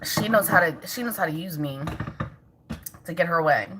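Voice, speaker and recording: A woman's voice: lowish voice, expressive, normal speed, background noise. A woman vlogging casually at home as a mother, chatting with viewers, laughing often and scolding her toddler in between.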